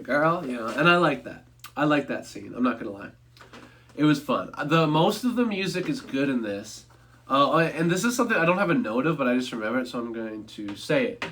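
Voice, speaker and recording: A man's voice: mid-range voice, a bit bright. Young male streamer, casual chatty film reviewer, mid-range voice, loose and rambling. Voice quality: rambling, self-correcting, offhand humor. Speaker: movie reviewer. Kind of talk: casual livestream review chat.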